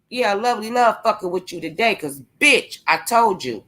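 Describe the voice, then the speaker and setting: A woman's voice: mid-range voice, lively intonation, normal speed, few pauses, fairly bright tone. A young woman vlogging a confrontational, profane rant, taunting and cursing at someone she calls out. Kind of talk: angry profane rant to camera.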